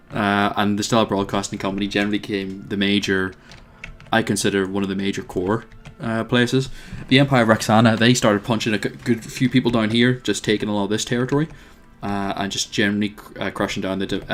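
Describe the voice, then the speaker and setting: Low-voiced Northern Irish gamer rambling. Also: male voice. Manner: rambling, musing aloud to himself. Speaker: video game player. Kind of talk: let's play commentary.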